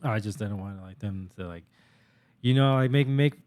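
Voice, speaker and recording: A man's voice: on the low side, moderate pace, a little mellow. A young man co-hosting a podcast, telling stories in a rambling, profane casual chat with many fillers. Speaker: podcast co-host.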